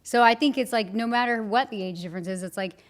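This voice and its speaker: A woman's voice: on the high side, fast talker. A woman co-hosting a podcast, chatting casually with many affirming fillers. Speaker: podcast co-host. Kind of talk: casual interview chat.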